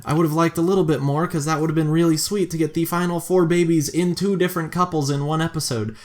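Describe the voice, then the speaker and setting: A man hosting a casual let's-play, talking through his moves in a chatty, self-mocking way with excitable bursts. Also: fairly high pitch, fast. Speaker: gaming video host.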